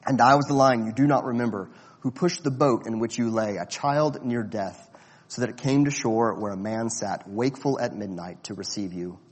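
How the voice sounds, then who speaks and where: Man doing a solemn lion spirit, deep and slow, breathy, long reverb. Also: lightly acted. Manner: slow, grave and low. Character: vast deep-voiced lion spirit, calm, solemn, ageless.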